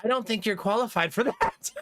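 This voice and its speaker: Man, high voice, bright tone, casual streamer chat, laughs a lot, dry close mic. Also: no echo. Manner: animated, laughs often, swears casually. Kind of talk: casual chat with live viewers.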